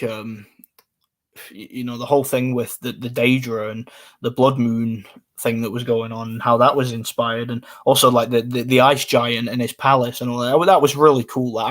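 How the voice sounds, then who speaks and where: A man, casually chatting on a live stream and answering comments in a rambling way. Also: mid-range voice. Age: 20s.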